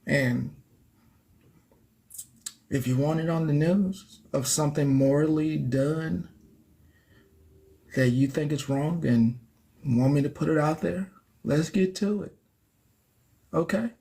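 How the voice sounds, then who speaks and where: A man hosting a casual live stream, speaking slowly and informally. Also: on the high side, creaky, dark tone. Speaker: livestream host.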